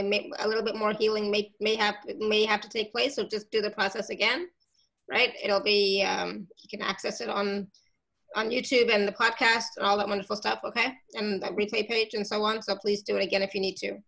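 A woman hosting a live call, reading out viewer comments in a casual, reassuring, chatty way, her throat catching and gravelly. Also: medium pitch, fairly bright tone. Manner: reassuring, chatty, with many fillers. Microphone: video call.

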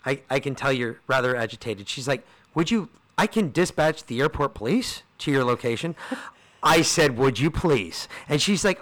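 A man's voice: mid-range voice, animated, normal speed, a bit bright. A man co-hosting a podcast, telling a story in casual chat, swearing freely and acting out what each person said. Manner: profane, fired-up storyteller acting out quoted people. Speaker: podcast co-host.

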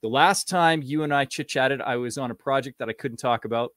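A man's voice: medium pitch, a little fast, fairly bright tone, no echo. A Canadian man, an actor, chatting casually in an interview with a rambling manner and many fillers. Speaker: actor guest.

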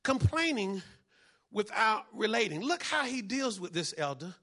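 A man preaching a fiery sermon as a pastor, breaking into shouts, repeating his key phrases and acting out the people in his stories. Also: sits high, sing-song, measured pace. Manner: acts out the people in his story.

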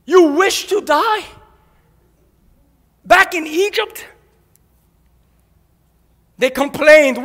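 Fiery high-voiced male preacher, echoing hall. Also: animated, extremely slow, long pauses. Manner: fiery, shouting preacher with sharp jabs and drops to a hush. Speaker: pastor. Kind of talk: sermon. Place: church sanctuary. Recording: long echo of a large hall.

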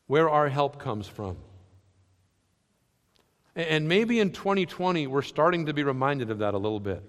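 A man preaching a sermon, swinging between loud emphatic lines and soft, quiet ones. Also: medium pitch, long reverb tail. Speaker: pastor.

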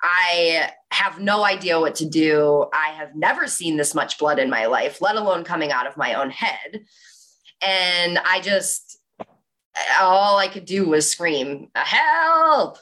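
A young woman speaks with a slightly low voice in an animated, storytelling way. She gives a motivational talk and fills it with casual "like"s. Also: a little slow.

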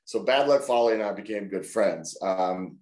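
A man telling animated stories as an interview guest, acting out other people's voices. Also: fairly low pitch, normal speed, reverberant. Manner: animated, acts out voices in anecdotes. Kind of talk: casual storytelling in an interview.

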